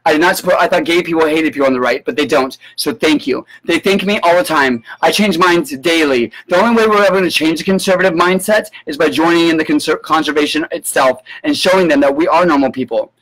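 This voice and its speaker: A man giving an indignant live-stream rant, sarcastic and full of profanity, breaking into sudden high yelps. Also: fast, hardly any pauses, fairly bright tone, rough recording. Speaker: political commentator. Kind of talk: ranting live-stream commentary.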